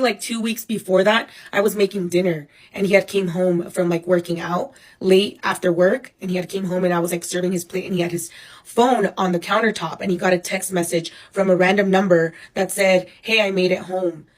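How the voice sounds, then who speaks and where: A woman in her thirties telling a personal story for a casual storytime vlog, animated and profane, acting out the people she quotes. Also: mid-range voice, normal speed. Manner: animated, profane, dramatic retelling with acted-out quotes. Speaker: storyteller recounting her own life.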